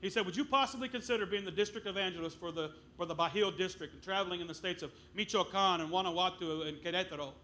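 A middle-aged man preaching a sermon as a missionary, telling stories with loud bursts. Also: sits high, fast, hardly any pauses. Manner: animated storytelling with loud bursts.

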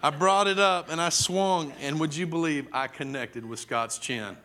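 A man's voice: on the high side, normal speed, bright, forceful tone. A middle-aged man, a preacher telling a story in a sermon, acting out the voices vividly. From Texas. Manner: vivid, dramatic storytelling with acted-out quotes.

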